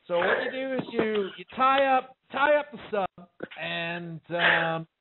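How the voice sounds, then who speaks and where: A man's voice: high voice, lively intonation, takes it slowly. A man hosting a casual chat show, talking bluntly and profanely and rambling with lots of fillers. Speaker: podcast host. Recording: tinny phone-like sound.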